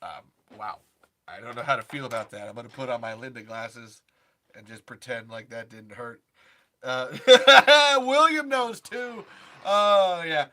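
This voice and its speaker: A man's voice: mid-range voice, expressive, normal speed, bright, forceful tone. A man, a comedian and impressionist, chatting on a podcast in a rambling, self-deprecating way with many restarts. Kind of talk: casual podcast chat.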